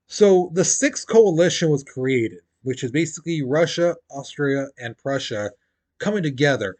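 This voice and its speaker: A man's voice: on the high side, lively intonation, normal speed, darkish tone. A man teaching a history lesson in a casual, chatty way, full of "you know" and "basically", acting out quotes in playful voices.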